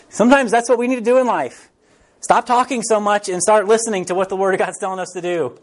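A man's voice: high voice, fairly even intonation, fast. Casual young man teaching a Bible class. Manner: conversational, repeats phrases, acts out quoted voices.

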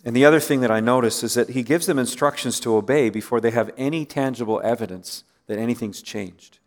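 A man's voice: medium pitch, brisk. A man preaching a sermon in a conversational way, often asking listeners rhetorical questions and letting his voice drop at the ends of phrases. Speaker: pastor.

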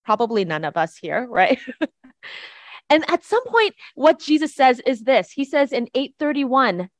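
A woman's voice: high voice, big pitch swings, measured pace, dry recording, clean studio sound. A woman preacher giving a conversational sermon to a congregation, often checking in with "right?". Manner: chatty, tags points with "right?".

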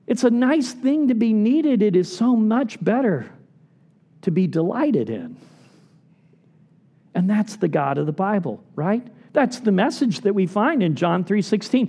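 Man, middle-aged, pastor, sermon, earnest and pleading, soft low drops for emphasis, animated pitch. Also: unhurried, husky.

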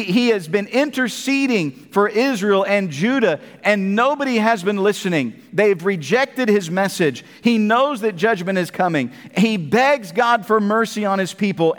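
A man's voice: high voice, fairly bright tone, in a large hall. A man preaching a sermon, chatting casually between emphatic scripture readings at a church service.

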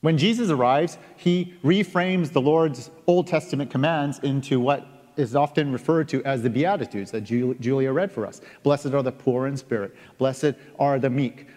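A man's voice: medium pitch, darkish tone. Man preaching in a reverberant hall. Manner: earnest, reads scripture aloud with emphatic pauses. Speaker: pastor. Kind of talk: sermon. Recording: long reverb of a large hall.

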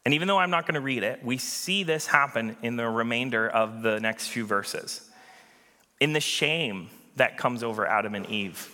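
A man preaching a sermon as pastor, earnest and emphatic, with dramatic pauses. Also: medium pitch, sharp tone, big-room sound.

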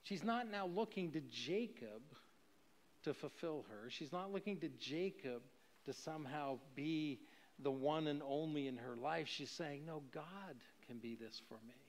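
A man's voice: on the high side, big-room sound. Conversational male preacher. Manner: conversational, with chuckles and rhetorical questions. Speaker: pastor. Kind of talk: sermon.

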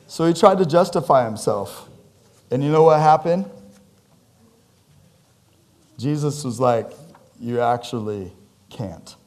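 Man, pastor, sermon in church, mid-range pitch, conversational, animated swings in pitch and volume. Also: takes it slowly, pauses often. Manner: conversational, joking with the congregation.

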